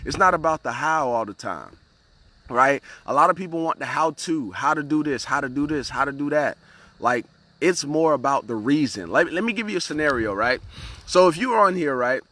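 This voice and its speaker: A man's voice: fairly high pitch, animated, moderate pace, bright, forceful tone. A man hosting a casual motivational live stream, speaking earnestly, repeating words and often asking "right?" as he greets viewers by name.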